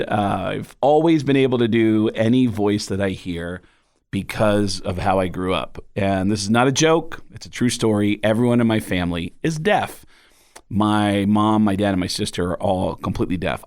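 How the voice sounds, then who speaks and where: A man, a stand-up comedian from the Bronx without a Bronx accent, telling stories in a casual interview. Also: fairly low pitch. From the Bronx, New York. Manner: animated storyteller, slips into impressions.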